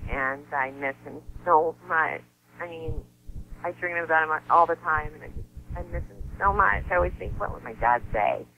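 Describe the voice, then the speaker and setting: A woman in her thirties speaks as a guest on an interview show, earnest and heartfelt, laughing easily and going quiet and soft on tender subjects. Her voice comes through a muffled, lo-fi phone line. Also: deep voice, fairly even intonation, normal speed, slight background noise. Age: 30s. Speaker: guest, model and actress. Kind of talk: emotional personal interview talk.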